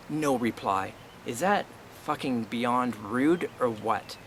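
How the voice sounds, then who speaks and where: A middle-aged man vents about his family in a blunt, aggrieved monologue, swearing freely and tossing out rhetorical questions. His voice sits at an ordinary middle pitch. A faint hum of ambient noise and passing vehicles runs behind him. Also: slow. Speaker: vlogger. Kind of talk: personal storytelling monologue.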